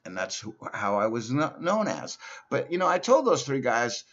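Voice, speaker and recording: Speaking at a medium pitch in a sing-song, slightly bright way, this man performs stand-up as a slow-witted character spinning goofy tales. The audio is lo-fi and muffled.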